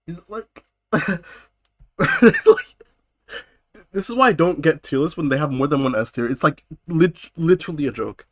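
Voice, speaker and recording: A man's voice: a little high, lively intonation, fast, hardly any pauses, fairly bright tone, dry recording. A man casually reacting on a live stream, swearing and scoffing in disbelief. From United Kingdom. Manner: incredulous, swearing, laughing mockery.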